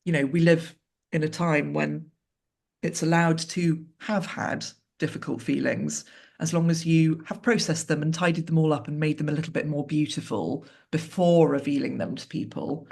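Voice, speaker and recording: A woman's voice: low-pitched, fairly even intonation, normal speed, gravelly, darkish tone. A woman author speaking as a guest in an interview, talking candidly and reflectively with wry asides over a video call.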